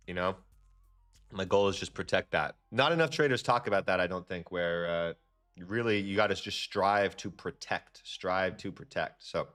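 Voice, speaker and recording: A young man hosting a live trading stream, chatting casually and ranting in a slangy, profane, animated way. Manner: animated, slangy and profane, with lively jumps in pitch. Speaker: livestream trading host. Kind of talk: casual livestream chat and rant.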